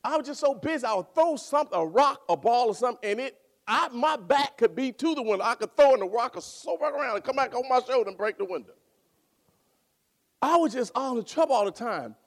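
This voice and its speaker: A man preaching a sermon, swinging from loud exclaiming to hushed near-whispers. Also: very high voice, lively intonation, fairly quick.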